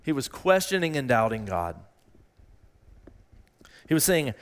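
A man preaching a sermon as pastor, earnest and given to repeating phrases, rising in pitch when he voices a desperate plea. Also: big pitch swings, a little slow, pauses often, clear, resonant tone. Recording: long reverb in a large hall.

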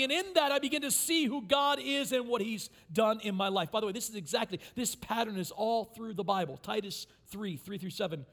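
A pastor with a notably high voice preaches to his congregation. He drops to near-whispers for intimate points, then rises loud and impassioned when voicing a plea. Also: a little fast, hardly any pauses. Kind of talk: sermon.

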